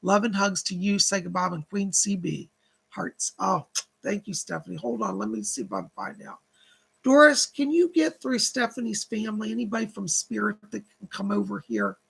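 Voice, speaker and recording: A man hosts a live psychic reading stream, reading out viewer donations and relaying spirit messages in long chains of "she said." His high voice is expressive and creaky, a bit bright with a breathy edge, at normal speed.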